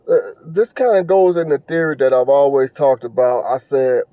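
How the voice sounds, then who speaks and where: A man's voice: mid-range voice, moderate pace, dry recording, highs cut off. A man hosting a podcast, talking on his own in a casual, earnest and preachy way, repeating phrases and stumbling over fillers. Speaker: podcast host. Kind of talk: casual monologue commentary.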